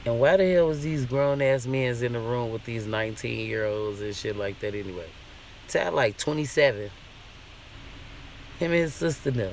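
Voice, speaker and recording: A man's voice: medium pitch, moderate pace, a little hiss or hum. A man vlogging a casual, profane rant in an indignant, questioning way.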